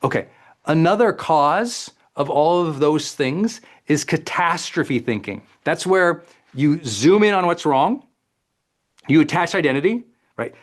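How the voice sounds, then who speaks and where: A man giving a motivational coaching talk, conversational and energetic, acting out inner voices with sudden jumps in pitch and often checking in with his listeners. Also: unhurried. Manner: conversational, often asks "right?" and "does that make sense?". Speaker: personal development coach.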